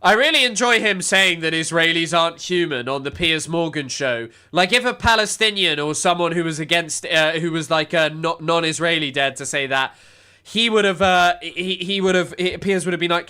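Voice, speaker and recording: A sarcastic male streamer reacts to a news clip in a casual, rambling way. His voice is high and bright, with a clear, crisp tone. He swears freely and breaks off into mocking asides. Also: moderate pace.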